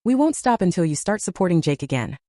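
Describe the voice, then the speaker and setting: A woman's voice: on the low side, big pitch swings, fast talker, dark tone, dry recording, studio quality. A woman voicing an entitled, pushy mother who speaks harshly with a hardening tone. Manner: hissing, hardening.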